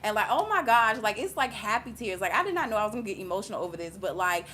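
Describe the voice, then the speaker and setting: A young woman talks straight to her viewers as an intuitive reader, loose and chatty, full of fillers and restarts. She gets animated and bursts into laughs as she goes. Her voice sits mid-range, with faint background noise. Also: mid-range voice, fast. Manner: rambling, filler-heavy, chatty; animated, laughs and exclaims often. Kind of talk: casual storytelling to viewers.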